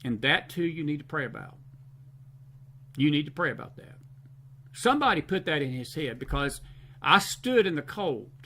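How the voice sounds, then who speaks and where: High, bright-voiced Southern American man hosting. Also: slight background noise. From Southern United States. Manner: emphatic, repeats phrases for stress. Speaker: host. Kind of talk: late-night live-stream talk, reading viewer comments.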